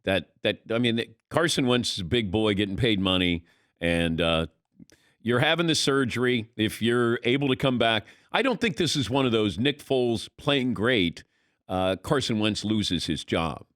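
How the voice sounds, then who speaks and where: A man's voice: lowish voice, normal speed, no echo, clean studio sound. A man hosting a sports radio show, talking casually and wryly about football and calling on his co-hosts by name. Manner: wry, animated, calls on co-hosts. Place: radio studio. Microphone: studio microphone.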